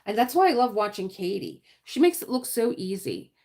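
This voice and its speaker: A woman's voice: mid-range voice, big pitch swings, normal speed, darkish tone. A middle-aged woman hosting a casual diamond painting livestream, chatty and rambling, often trailing off to search for words. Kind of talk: casual live-stream chat.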